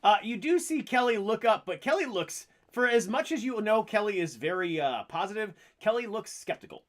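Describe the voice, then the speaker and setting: A man's voice: high-pitched, lively intonation, a little fast. A man narrating a tabletop game as game master, casual and full of fillers.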